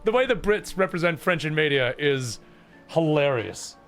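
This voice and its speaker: Chatty gravelly male game streamer. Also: a little high, animated, normal speed, a bit bright. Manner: chatty, swears freely, laughs a lot. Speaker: streamer playing a video game. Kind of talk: casual gameplay commentary. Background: game music.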